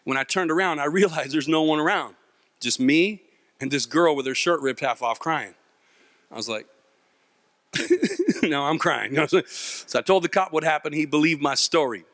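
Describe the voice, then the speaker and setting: On stage before a live audience, this youth mentor and speaker, whose voice is fairly high, delivers a comic story at normal speed. Animated and self-deprecating, he voices the characters himself, and the sound is dry and close.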